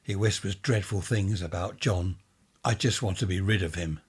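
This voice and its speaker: A man's voice: low-pitched, normal speed, breathy edge. A man reading a ghost story, voicing a frightened, tearful young woman who pleads through sobs. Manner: sobbing, pleading. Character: frightened teenage girl, tearful and desperate.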